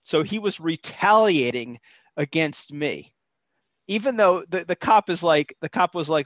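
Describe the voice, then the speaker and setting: A man's voice: on the high side, animated, unhurried, a bit bright, no room sound. A man calling in to tell a story in a rambling, indignant way. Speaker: caller telling a story. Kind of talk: casual phone-in storytelling. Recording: dull, dry lo-fi line.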